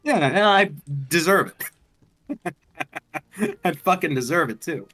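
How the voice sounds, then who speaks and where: A man's voice: on the high side, lively intonation, slow pace, pushed and bright. A man chatting on a game stream, arguing points in a careful, lecturing way. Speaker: streamer co-host. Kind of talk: casual chat while gaming.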